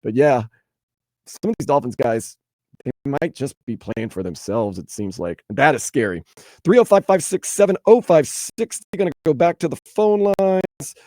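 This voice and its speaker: A man's voice: medium pitch, animated, moderate pace, mellow, no echo. A man from New Orleans hosting a call-in sports radio show, swinging between weary and fired up.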